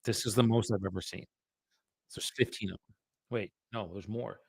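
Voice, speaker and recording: A man's voice: fairly low pitch, fairly even intonation, normal speed, vocal fry, breathy edge, no echo. A man working as a real estate agent, making calls on a live stream and talking offhand asides to his viewers. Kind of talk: live-streamed cold calling with commentary.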